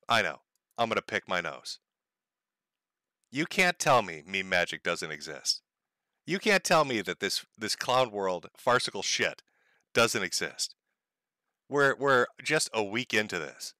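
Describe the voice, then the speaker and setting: A man's voice: lowish voice, very animated, unhurried, pushed and bright, no echo. A man hosting a stream, giving sarcastic, profane commentary on a video clip. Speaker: stream host.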